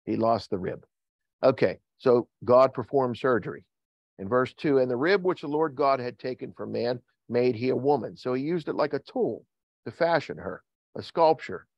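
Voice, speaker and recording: A man's voice: moderate pace, no room sound, highs cut off. A man preaching a sermon as pastor, joking and asking the congregation questions. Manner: joking, asks the congregation questions, lively swings in pitch. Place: church. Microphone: video call recording.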